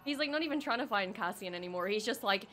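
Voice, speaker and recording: A woman reacting to a show as she watches, excitable and swearing freely, with laughs and gasps. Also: mid-range voice, fast, soft background music. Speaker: reaction streamer. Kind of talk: live reaction commentary.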